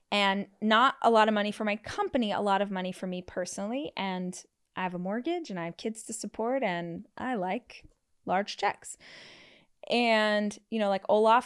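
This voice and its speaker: A woman in her thirties, a podcast host, telling personal stories in a casual way, acting out what people said with big jumps in her voice and lots of "like" fillers. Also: clean tone. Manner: animated, acts out quotes with big pitch jumps; frequent "like" fillers. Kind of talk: casual storytelling.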